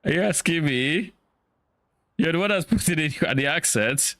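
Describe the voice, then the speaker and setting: A young man chatting casually while playing a game, relaxed, swearing lightly and trailing off mid-thought. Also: a little high, normal speed, no echo, studio quality. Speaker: co-player. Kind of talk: casual gaming chat.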